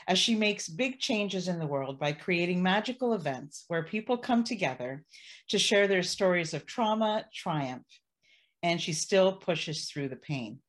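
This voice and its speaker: Female host, slightly low voice, admiring, gently encouraging interviewer. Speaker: podcast host. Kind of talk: interview introduction and questions.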